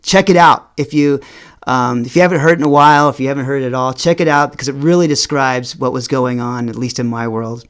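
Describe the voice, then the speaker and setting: A middle-aged man tells a personal story to his vlog audience. He speaks in halting stretches, repeats words, and his voice rises and falls in pitch and loudness. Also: clear, resonant tone. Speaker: vlogger.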